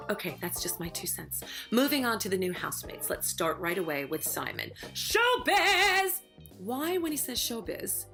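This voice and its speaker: A woman who used to be a housemate, giving sassy, emphatic, gossipy opinions about the people in the house. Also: lowish voice. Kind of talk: recorded opinion piece to camera.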